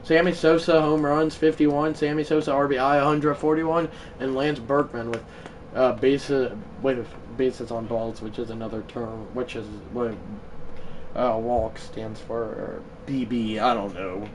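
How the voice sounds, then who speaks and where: A man streaming a baseball video game live, chatting loosely and bursting into shouted play-by-play calls. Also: medium pitch, fairly even intonation, measured pace, distant mic, noisy background. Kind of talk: live gaming stream commentary.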